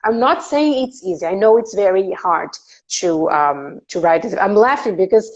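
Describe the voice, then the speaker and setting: A woman's voice: medium pitch, animated, normal speed, lo-fi sound. A woman hosting a career interview, chatty and laughing often as she explains with examples. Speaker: podcast host interviewing a career guest. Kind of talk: casual interview chat.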